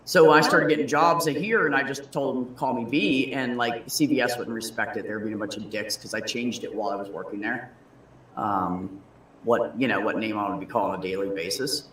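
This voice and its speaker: A man in casual chat, telling stories with lively quoted voices and frequent swearing. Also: mid-range voice, brisk, far from the mic, slight background noise. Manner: animated storyteller, swears freely, acts out quoted voices. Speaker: guest. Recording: echoey room.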